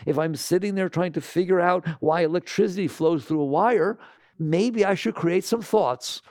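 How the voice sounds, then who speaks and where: A man giving a spiritual talk to an audience, animated and laughing often as he acts out imagined voices. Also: high-pitched, moderate pace, no echo, clean studio sound. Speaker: spiritual teacher.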